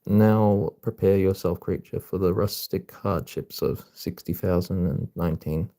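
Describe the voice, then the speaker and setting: Stern future officer guy, deep gravelly voice, slow formal delivery, a man reading him out. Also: mellow. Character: stern male future-human officer enforcing the law.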